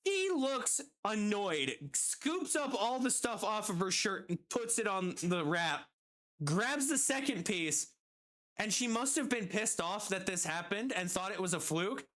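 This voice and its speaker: Slow-talking streamer telling a story. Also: medium pitch, sing-song, a bit bright. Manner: swearing, laughing at his own story; acts out quoted customers and bosses. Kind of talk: casual storytelling.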